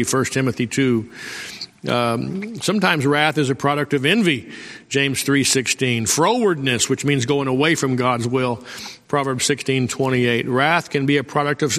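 A man's voice: medium pitch, fairly bright tone. A middle-aged male pastor preaching a folksy sermon and calling out for amens from the congregation. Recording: long hall reverb.

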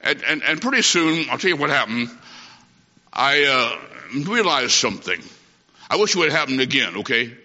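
A man's voice: medium pitch, very animated, normal speed, pushed and bright. A man from Illinois, a traveling preacher, delivering a sermon in a church with folksy, emphatic storytelling. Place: church sanctuary. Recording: dull lo-fi sound with long church reverb.

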